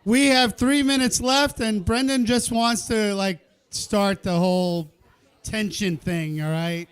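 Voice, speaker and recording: Guy with a really high clear voice hosting a cook-off live, jokey and chatty, hyping the crowd. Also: fairly bright tone. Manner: joking, chatty, cheers the crowd on. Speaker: event host. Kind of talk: live play-by-play emceeing. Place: indoor cooking event kitchen.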